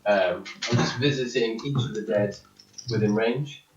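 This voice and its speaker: A man roleplaying a wood elf in a tabletop game, talking slowly and laughing often. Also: on the low side. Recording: echoey room, distant mic, lo-fi, faint noise.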